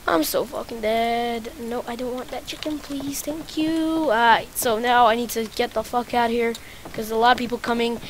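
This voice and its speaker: A high-pitched woman narrating her own gameplay in a let's play. She is excitable, swears freely and loops the same phrases again and again. A faint hiss sits under her voice. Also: moderate pace. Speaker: gaming channel host.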